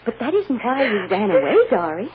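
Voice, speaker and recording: A woman's voice: mid-range voice, sing-song, brisk, narrow, tinny audio, close to an everyday voice. A woman playing a soothing tender mother. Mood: gentle. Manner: soothing, emotional, tearful at times. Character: tender, anxious young mother. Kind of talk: 1940s radio acting. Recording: scratchy old radio recording, hiss.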